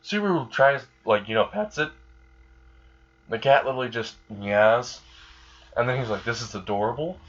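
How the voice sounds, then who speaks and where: Casual male storyteller; rambling, filler-heavy, mid pitch, muffled lo-fi sound. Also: very animated, normal speed, long pauses. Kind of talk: improvised fan story narration. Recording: dull lo-fi recording.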